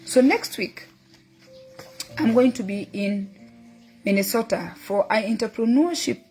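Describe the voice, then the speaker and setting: A woman's voice: fairly high pitch, unhurried, a little mellow, faint music behind. A middle-aged woman hosting a motivational talk, earnestly telling a story and quoting her son and a book. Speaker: host.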